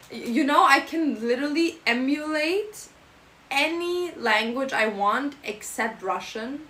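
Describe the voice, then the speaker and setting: A woman's voice: fairly high pitch, pushed and bright, poor audio. Playful young woman with a German accent. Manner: playful, jokey, switching into silly mock phrases. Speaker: streamer. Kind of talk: casual chat reading live chat.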